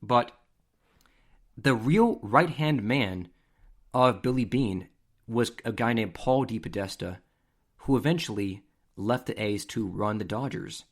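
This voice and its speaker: A man hosting a podcast, telling stories in a casual, animated, conversational way. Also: fairly low pitch, unhurried, long pauses. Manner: animated, conversational, acts out scenes. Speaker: podcast host. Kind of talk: casual storytelling.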